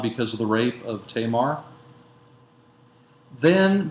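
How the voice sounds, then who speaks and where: A man giving a lecture that retells a biblical narrative. He speaks in a measured way, with frequent fillers and self-corrections. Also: medium pitch. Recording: roomy echo with faint background noise.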